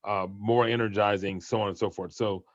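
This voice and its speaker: A man's voice: on the low side, fairly even intonation, fairly quick, dry recording. A man on a group video call, thinking aloud with many hesitations. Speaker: meeting participant. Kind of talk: casual chat on a group call. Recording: dull, dry video call audio.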